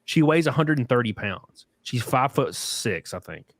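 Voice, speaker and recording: A man hosting a podcast in casual chat, telling profane, animated stories with acted quotes. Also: mid-range voice, moderate pace, no echo. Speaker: podcast host.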